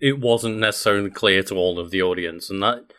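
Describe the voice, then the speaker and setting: A man's voice: on the low side, fairly quick, fairly bright tone. A man co-hosting a casual podcast chat, asking questions and hedging with "I mean". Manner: asks questions, hedges with "I mean". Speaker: podcast co-host.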